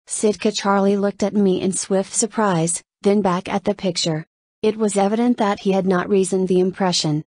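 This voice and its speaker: A woman's voice: mid-range voice, no room sound. Woman narrating an audiobook, dry sound. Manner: steady, measured storytelling. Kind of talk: scripted narration.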